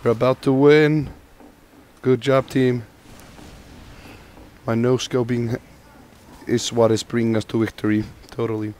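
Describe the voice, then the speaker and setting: A man's voice: medium pitch, a little slow, pauses often. Man with a sore throat narrating gameplay. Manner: jokey, excitable, talks to teammates and himself. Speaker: gamer. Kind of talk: gameplay commentary.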